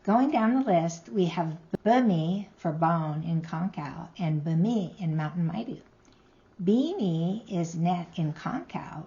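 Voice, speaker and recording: A woman teaching a recorded language lesson, speaking slowly and carefully and sounding out each word. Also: fairly low pitch, dark tone, dull audio. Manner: slow, careful, sounding out words.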